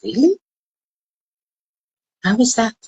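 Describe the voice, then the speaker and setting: Husky older woman, earnest and insistent. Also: a little high, big pitch swings, slow, darkish tone, no room sound, rough recording. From Afghanistan. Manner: earnest, repeats phrases for emphasis. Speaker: women's rights activist. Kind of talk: emotional interview. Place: indoors in Kabul.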